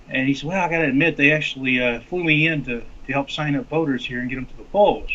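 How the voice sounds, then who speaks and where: Talking quickly with hardly any pauses, this Arkansas man running for Congress spins an animated story in a casual interview, restarting often. His voice is a little high, and the audio is lo-fi and dull.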